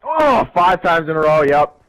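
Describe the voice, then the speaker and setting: A man's voice: on the high side, very animated, normal speed, fairly bright tone, low-quality recording. A man yelping in exasperated disbelief while playing a shooter game on voice chat.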